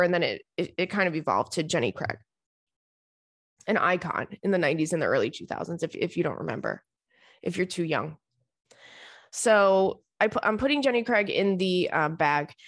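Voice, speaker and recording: A woman hosting a podcast, telling funny stories in a chatty, animated, self-mocking way. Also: on the low side, dry recording, studio quality. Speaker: podcast host. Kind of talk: casual comedic storytelling.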